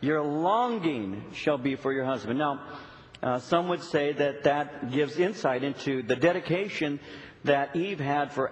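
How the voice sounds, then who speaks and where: A middle-aged male pastor preaching a sermon, telling a story with lots of repeated "and"s and lively retelling. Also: medium pitch. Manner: storytelling, animated, with many repeated "and"s. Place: church sanctuary. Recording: long reverb of a church hall.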